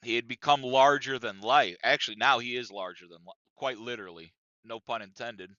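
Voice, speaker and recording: A man's voice: medium pitch, a little fast, few pauses, sharp tone, no echo, dull audio. A man co-hosting a podcast, telling a story in a casual, profane and emphatic way that often circles back on itself. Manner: profane, emphatic, repeats himself. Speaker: podcast co-host.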